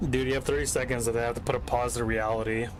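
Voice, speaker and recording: A man's voice: mid-range voice, level tone, very fast, slight background noise. A young man chatting casually as a game streamer, rambling, cursing and interrupting himself. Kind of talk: casual chat while streaming. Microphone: desk mic.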